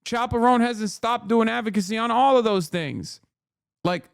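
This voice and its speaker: A man's voice: high voice, no echo, studio quality. A man ranting on a live stream, profane and heated, mocking others by putting on voices for their quotes. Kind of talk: live stream reaction rant.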